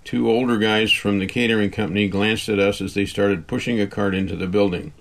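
A man with a low voice reads a first-person story aloud, wry and conversational. He keeps it easy, like he's telling it to a friend. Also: steady tone, a little fast, few pauses. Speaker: audiobook narrator. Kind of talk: first-person scripted narration.

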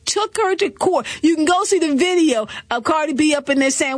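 Sassy high-voiced woman host. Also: moderate pace, few pauses, dry recording. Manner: animated, sassy storytelling with laughs and mock voices. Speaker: talk show host. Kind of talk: comedic gossip commentary.

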